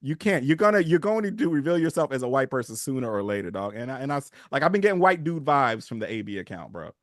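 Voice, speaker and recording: A man co-hosting a podcast in casual sports chat, profane and animated, calling people "bro". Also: mid-range voice, quick pace, dry recording, clean studio sound. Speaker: podcast co-host.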